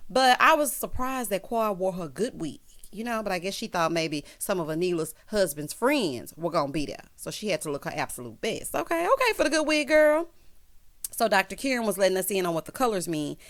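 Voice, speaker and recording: A woman's voice: medium pitch, big pitch swings, a little fast. A woman recapping a reality show in a sassy, chatty way, talking straight to the cast. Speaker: recap vlogger.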